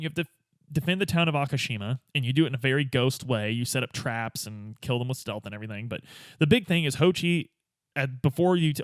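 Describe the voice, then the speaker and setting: A man's voice: medium pitch, no echo. Man casually recapping a story, dry sound. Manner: animated retelling of a game story. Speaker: podcast host.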